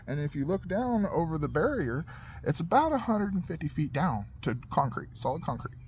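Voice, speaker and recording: Man, slightly high voice, casual storytelling, animated, acting out sound effects. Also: moderate pace, a little hiss or hum. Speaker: podcast host telling a life story.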